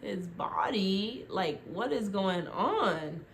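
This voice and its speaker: A young woman vlogger casually retelling a TV show into her phone, rambling and full of "like" as she acts out quick quotes. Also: mid-range voice, lively intonation, slight background noise.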